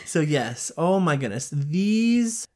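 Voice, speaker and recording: Woman co-host, deep for a woman, playful and animated in casual chat. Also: slow. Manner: playful, animated, laughs often. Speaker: podcast co-host.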